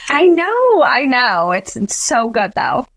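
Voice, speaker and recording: A woman's voice: a little high, huge pitch swings, slow, no room sound. A young woman from Pittsburgh, a beauty school admissions director, chatting as a guest on a casual podcast interview in a bubbly, gushing way with lots of fillers. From Pittsburgh, Western Pennsylvania.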